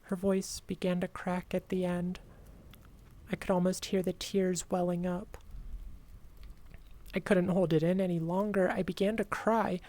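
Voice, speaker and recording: A woman's voice: on the low side, level tone, dark tone. A woman streamer reading a creepy first-person horror story aloud, dramatic and at times whispering. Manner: slow, dramatic, dropping to whispers.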